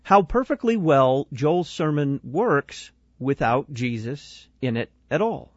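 A male host giving measured, critical commentary on a sermon. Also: a little high, animated, no room sound, muffled recording. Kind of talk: analytical commentary.

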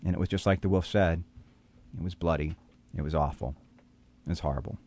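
A pastor telling a dramatic story on a radio program, animated and full of repetition. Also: male voice, deep voice, a little fast.

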